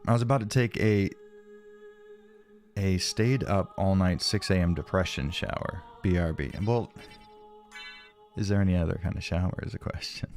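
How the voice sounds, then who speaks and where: A man with a very low voice talks casually to his stream audience, rambling and poking fun at himself as he reads chat aloud. He sounds slightly stuffed up from allergies. Faint game music plays quietly underneath. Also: normal speed, long pauses. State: sniffly from allergies.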